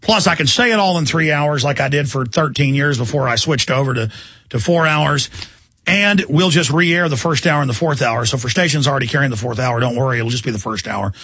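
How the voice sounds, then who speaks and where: A man's voice: mid-range voice, fairly quick, fairly bright tone, breathy edge, no echo. A middle-aged man hosting a radio talk show, ranting in a heated, combative way and hurling insults at listeners. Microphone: studio microphone.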